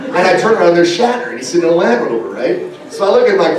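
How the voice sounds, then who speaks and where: A man telling comic stories on a convention panel, animated and laughing, peppering his speech with "dude" and "right?". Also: high voice, very fast, few pauses, a crowd in the background. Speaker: voice actor and musician on a convention panel. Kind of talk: comic storytelling on stage. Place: large convention hall. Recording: echoey hall, far off, noisy.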